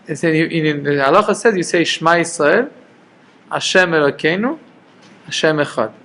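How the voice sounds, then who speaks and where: A man teaches an informal Torah class, keeping it conversational and checking in with his listeners as he goes. His voice sits a little high and has a gravelly edge. A faint hiss of room noise runs underneath. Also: fairly bright tone. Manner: conversational, checks in with "okay?" and "right?". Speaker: rabbi teaching Jewish law.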